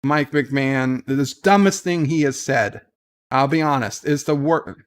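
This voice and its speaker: A man's voice: mid-range voice, unhurried. A man hosting a casual livestream, ranting bluntly with swearing and answering his chat. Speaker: livestream host reading chat.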